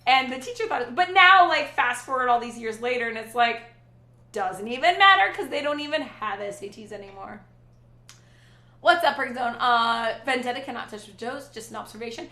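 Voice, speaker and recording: A middle-aged woman hosts a casual livestream and rambles through viewer comments with easy asides. Her voice is bright and sits a bit high for a woman, and the room around her has a noticeable echo. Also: expressive, moderate pace. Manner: chatty and rambling, with frequent restarts and asides. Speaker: livestream host.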